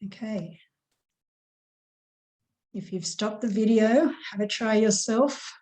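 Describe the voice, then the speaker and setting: Woman, primary teacher, recorded online lesson, slow, mellow, patient. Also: on the high side, poor audio. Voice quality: patient, measured delivery, stresses syllables slowly when reciting.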